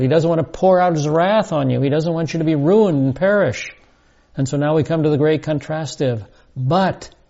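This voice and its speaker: Man, sermon teacher, emphatic verse-by-verse style, dark mellow tone, lo-fi recording. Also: a little high, vocal fry. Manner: deliberate, emphatic verse-by-verse explaining. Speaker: Bible teacher. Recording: dull lo-fi sound.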